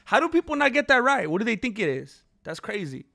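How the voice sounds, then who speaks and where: A man's voice: extremely high pitch, very animated, quick pace, vocal fry, sharp tone. A man hosting a casual livestream, joking around and reading out names from the chat. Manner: playful, joking, reads chat names aloud. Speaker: livestream host.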